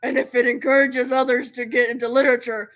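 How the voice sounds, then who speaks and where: A woman's voice: a little high, little pitch movement, fast talker, fairly bright tone, soft background music, close to an everyday voice. Woman doing an upbeat, confident teen club president. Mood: encouraging. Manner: upbeat, encouraging, talkative. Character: confident, friendly teenage club president girl. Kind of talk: reading a visual novel aloud.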